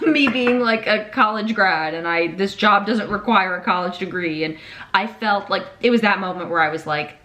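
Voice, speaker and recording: A woman's voice: medium pitch, a little hiss or hum. Candid young woman vlogger, casual swearing. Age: 20s. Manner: candid, animated, swears freely, acts out quotes. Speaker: patient navigator. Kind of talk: casual confessional chat.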